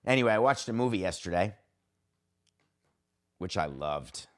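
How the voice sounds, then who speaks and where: Male podcast host, lower register, animated rambling storyteller. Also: normal speed. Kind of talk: casual chat.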